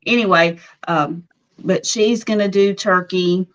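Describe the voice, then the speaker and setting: A woman's voice: lowish voice, steady tone, measured pace, a bit bright, dull audio. A middle-aged woman from Nashville with a Southern drawl, chatting casually and laughing often on a live Q&A. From Nashville, Tennessee. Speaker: co-host of a live Q&A. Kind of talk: casual chat.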